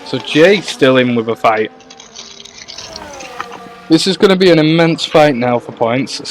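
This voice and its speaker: Casting: male race caller, chatty and excitable, mid pitch, faint noise under a live stream. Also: a little slow, pauses often. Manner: excitable, chatty, talks to viewers and co-host. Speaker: league owner and race commentator. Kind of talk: live sim racing commentary.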